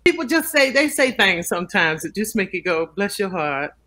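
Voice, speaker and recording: An older actress in a casual interview, telling lively stories and acting out the people she quotes. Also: mid-range voice, fairly quick. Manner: animated storyteller, acts out quoted voices.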